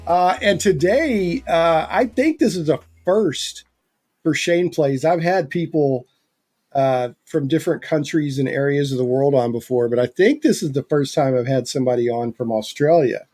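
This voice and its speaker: A man's voice: fairly high pitch, normal speed, a little mellow. A man hosting his podcast in casual chat, talking in a loose, rambling way with frequent restarts. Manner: chatty, rambling, many restarts. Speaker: podcast host.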